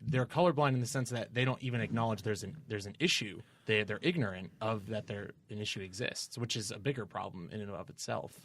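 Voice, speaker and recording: A man's voice: on the low side, fairly quick, hardly any pauses, fairly bright tone, a little hiss or hum. Thoughtful young man in his twenties. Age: 20s. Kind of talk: casual podcast discussion.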